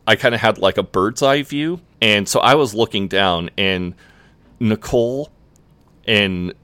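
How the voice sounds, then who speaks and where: Young man, very low voice, loose storyteller, swears freely, dry close mic. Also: a bit bright, clean tone, dry recording. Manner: laid-back, swears often, lots of "like" fillers. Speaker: podcast co-host. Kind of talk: casual chat, storytelling.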